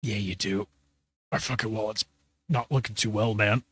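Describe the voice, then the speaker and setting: Man, tired streamer, low voice, rambling casual talk, dry close sound. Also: fairly even intonation, moderate pace, fairly bright tone, husky, no room sound. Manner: rambling, searching for words, self-mocking. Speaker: streamer editing his video. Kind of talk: casual live commentary.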